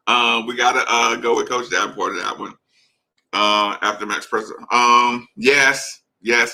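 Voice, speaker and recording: A man's voice: mid-range voice, creaky, bright, forceful tone. A man hosting a casual late-night live show, rambling as he reads and answers chat comments.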